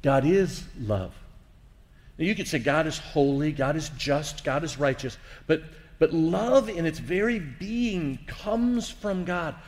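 A man speaks reflectively in a faith teaching and often turns questions back to the listener. His voice is a touch higher than most men's, and it carries a long, hall-like reverb. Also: unhurried, hardly any pauses.

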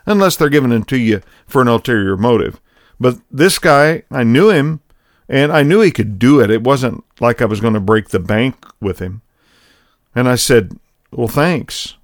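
A man's voice: medium pitch, dry recording, studio quality. A middle-aged man hosting a program, telling a personal story in a folksy, conversational way that leads into a spiritual lesson. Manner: folksy, conversational, self-deprecating. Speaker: program host.

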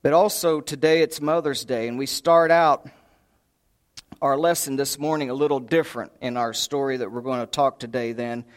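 A man's voice: medium pitch, steady tone, moderate pace. A man preaching a sermon, a folksy storyteller who acts out voices and chuckles. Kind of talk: sermon with humorous stories. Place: church sanctuary.

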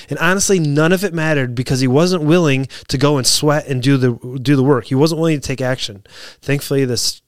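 An earnest man talks through a motivational story, restarting sentences and getting heated as he retells it. His voice is smooth and resonant, recorded close and dry with no room sound. His pitch is mid-range. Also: fairly quick, dry recording. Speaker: fire officer and speaker. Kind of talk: motivational talk with anecdotes.

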